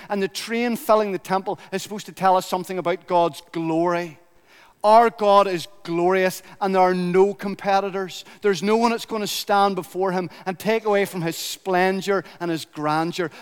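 A man's voice: high voice, clear, resonant tone, long reverb tail. A man preaching a sermon in a church, emphatic and building his points through repetition.

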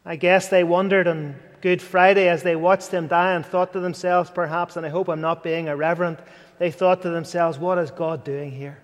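High-pitched guy preaching, fervent then soft, big hall reverb. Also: little pitch movement, moderate pace. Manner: earnest, rising to fervent, dropping to near whisper. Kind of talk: sermon.

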